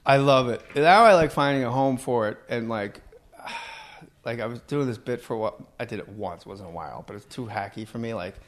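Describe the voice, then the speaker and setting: A man's voice: medium pitch, expressive, moderate pace. A man hosting a podcast in casual chat, riffing on movie lines and dropping into quoted voices. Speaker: podcast host.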